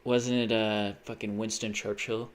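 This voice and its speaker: A young man chatting casually on a live stream. He rambles, swears often and bursts into sudden excited exclamations. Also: lowish voice, measured pace. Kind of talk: casual livestream chat.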